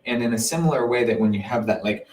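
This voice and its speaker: A man telling an earnest personal story in a casual way, animated and full of sound-effect words, sometimes dropping to a soft near-whisper. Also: mid-range voice, fast talker, a little hiss or hum, poor audio. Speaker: meditation teacher.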